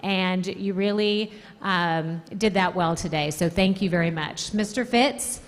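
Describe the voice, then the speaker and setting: A woman's voice: fairly low pitch, unhurried. A woman hosting a school assembly, addressing the students in an upbeat, encouraging way. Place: school auditorium. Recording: long hall reverb.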